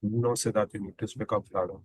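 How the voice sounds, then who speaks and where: A man's voice: fairly low pitch, steady tone, fast talker, rough recording. A man moderating an investor call, handing the floor to callers in a brief, procedural way.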